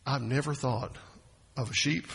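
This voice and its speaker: A man's voice: medium pitch, steady tone, unhurried, vocal fry, fairly bright tone, breathy edge, long reverb tail. A man preaching a sermon as pastor, folksy and often asking the congregation questions.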